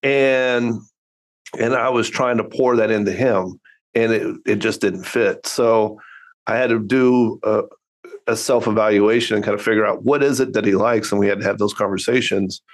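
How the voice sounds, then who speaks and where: A man's voice: lowish voice, fairly even intonation, moderate pace. A middle-aged man, a father and coach, earnestly and reflectively telling stories as a podcast guest. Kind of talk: casual conversational storytelling.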